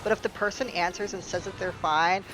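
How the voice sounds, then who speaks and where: A woman's voice: lowish voice, steady tone, a little fast, background noise. A sarcastic, swearing young woman telling a story. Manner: sarcastic, profane, exasperated. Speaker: storytime streamer. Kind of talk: storytime vlog.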